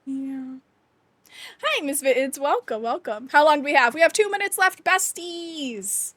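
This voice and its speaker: A woman's voice: sits high, very animated, moderate pace, a bit bright, dry recording. A young adult woman streaming, chatting casually and animatedly to her viewers, laughing often and ranting with emphasis. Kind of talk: casual chat to live chat.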